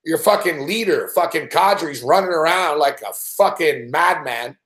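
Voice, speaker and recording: A man hosting a late-night sports betting show, his voice pitched a bit high and ringing in a roomy, echoey space. He rants loudly and swears constantly, firing off complaints about the night's hockey. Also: expressive, moderate pace. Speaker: host. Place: indoor home studio.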